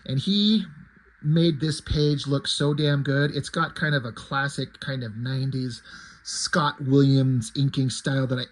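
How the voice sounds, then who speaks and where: A man's voice: fairly high pitch, rough recording. A man, a comic creator, casually recapping his story in a loose, rambling way.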